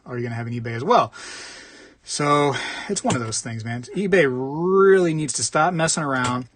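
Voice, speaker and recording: A man's voice: medium pitch, a bit bright, slight background noise. A man hosting a casual livestream from the United States, rambling while he reads comments, repeating himself and laughing often. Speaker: coin roll hunting livestream host.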